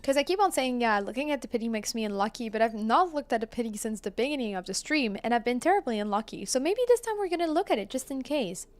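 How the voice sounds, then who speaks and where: Chatty high-voiced woman streamer. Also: animated, quick pace, hardly any pauses. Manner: chatty, reads chat aloud and answers viewers. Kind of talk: casual live-stream chat. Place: home.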